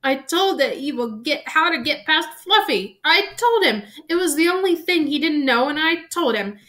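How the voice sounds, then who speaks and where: A woman voicing a big-hearted giant male groundskeeper, loud and sobbing with drawn-out words. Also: medium pitch, steady tone, natural voice.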